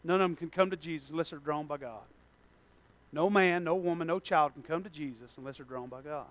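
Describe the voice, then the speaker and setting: A male preacher, delivering a sermon that swings between hushed pleading and loud shouting. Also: a little high, a little fast.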